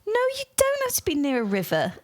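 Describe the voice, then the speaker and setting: A woman's voice: high-pitched, huge pitch swings, quick pace. A woman chatting as a podcast guest, playful and silly, often giggling. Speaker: podcast guest, host's fiancée. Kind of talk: casual chat.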